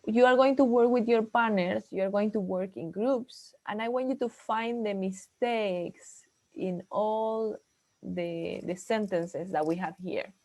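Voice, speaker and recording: A woman's voice: mid-range voice, unhurried, darkish tone. Bilingual woman teaching an English class. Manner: explains in English, then repeats in Spanish.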